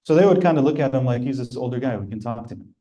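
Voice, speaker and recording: A man's voice: mid-range voice, expressive, racing, dark tone, poor audio. A man teaching a religious class, telling stories in a conversational way and chuckling as he goes. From United States. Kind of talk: storytelling lecture.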